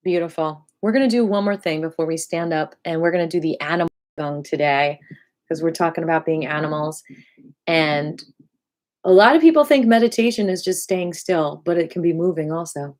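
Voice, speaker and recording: A woman guiding a livestreamed qigong class, speaking slowly and soothingly with gentle affirmations. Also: low voice. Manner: soothing, slow, affirming guidance with sudden loud bursts. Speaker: qigong and voice teacher.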